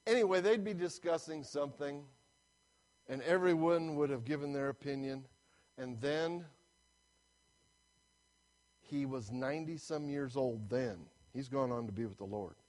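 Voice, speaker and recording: A man's voice: mid-range voice, measured pace, long pauses, darkish tone. A man preaching a sermon as pastor, telling a story animatedly and acting out the voices of the people in it.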